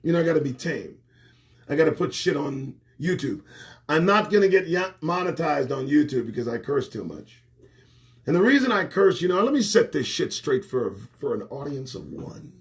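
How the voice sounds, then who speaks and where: Male host, high lively voice, profane livestream rant, loud bursts and mutters. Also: normal speed. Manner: animated, swearing, swings between loud outbursts and muttered asides. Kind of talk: profane political rant to camera. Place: small indoor home set. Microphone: phone or webcam livestream.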